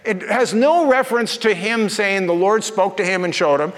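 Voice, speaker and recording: A man with a notably high voice preaches a sermon from the pulpit, telling folksy stories with jokes. His voice carries a long reverb from a church auditorium. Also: normal speed, a bit bright. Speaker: pastor.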